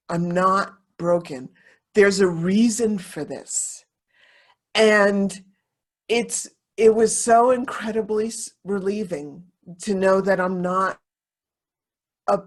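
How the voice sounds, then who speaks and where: A woman speaking candidly and confessionally as a podcast guest, circling back and repeating phrases as she talks. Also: medium pitch. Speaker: podcast guest, sensuality teacher. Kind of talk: candid conversational podcast talk.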